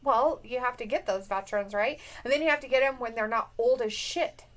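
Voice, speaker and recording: A woman's voice: fairly high pitch, brisk, fairly bright tone. A woman co-hosting a casual live reaction chat, laughing often and mimicking people in silly voices. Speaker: co-host reacting to a wrestling show.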